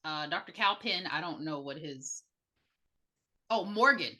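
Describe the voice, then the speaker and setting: A woman's voice: low voice, measured pace. A woman co-hosting a podcast, chatting casually and recapping a horror film, acting out the characters' lines. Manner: animated, acts out characters' lines. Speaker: podcast co-host.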